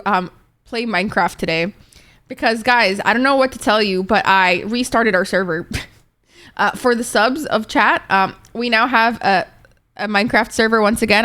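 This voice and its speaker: Laid-back rambling woman streamer, slightly high voice. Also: fairly bright tone. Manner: rambling and laid-back, heavy on "like", swears freely; reads out and answers chat messages. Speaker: Twitch streamer. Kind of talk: casual chat with stream viewers.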